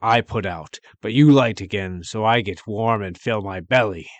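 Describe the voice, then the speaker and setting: A man's voice: on the low side, dry recording, natural voice. A man doing a bellowing broken-speech ogre. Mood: demanding. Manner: broken grammar, bellowing, slow. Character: brutish male ogre, desperate and demanding.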